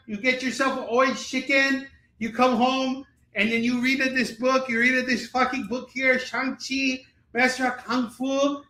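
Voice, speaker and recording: A man putting on the voice of a pushy, mocking pitchman who barks and swears. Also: pushed and bright, full character voice. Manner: barking, insistent, profane. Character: loud bossy male pitchman, pushy and mocking. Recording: roomy echo.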